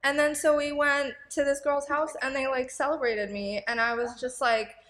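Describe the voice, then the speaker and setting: A woman's voice: high-pitched, little pitch movement, moderate pace, fairly bright tone, long reverb tail. A young woman guest on a podcast, telling her story in a candid, emotional way with lots of fillers and restarts. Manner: rambling, filler-heavy storytelling with many restarts; emotional and candid, close to tears. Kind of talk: casual podcast chat.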